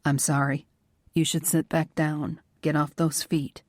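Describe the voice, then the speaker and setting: Woman voicing a gentle but firm male protector. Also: low voice, level tone, measured pace, no room sound, clean studio sound. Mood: concerned.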